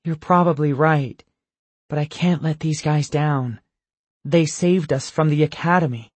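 A loyal, torn teenage girl, as a man reading aloud puts her on. Her voice is raised well above his own, hesitant but steady, with a husky grain. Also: on the high side, measured pace, no room sound, voice pushed up.

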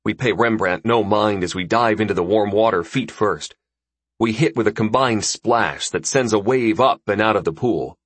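Low, husky male audiobook narrator. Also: moderate pace, no room sound. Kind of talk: first-person story narration.

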